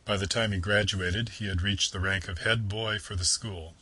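Give me a man narrating a formal literary lecture, with a husky, sharp-edged voice. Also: fairly low pitch, steady tone, low-quality recording. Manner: measured and formal.

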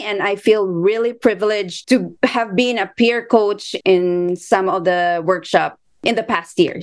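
A woman from the Philippines with a Filipino accent, co-hosting a casual podcast chat, talking in a loose, chatty way with easy laughs. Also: mid-range voice. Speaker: co-host asking questions.

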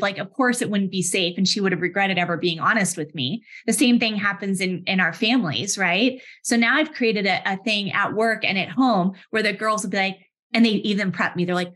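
A woman in her thirties, a head of HR, speaking conversationally in a webinar with lively anecdotes and frequent restarts. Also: mid-range voice, a little fast. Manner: animated, restarts often, vivid everyday anecdotes. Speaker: head of HR, session host.

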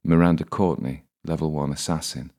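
A man's voice: rumbling low, steady tone, moderate pace, mellow. A man voicing a cocky young woman assassin with a sly, teasing manner.

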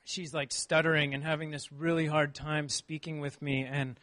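A man preaching a sermon, reading scripture and then telling a personal story in an earnest, animated way. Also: on the high side, moderate pace.

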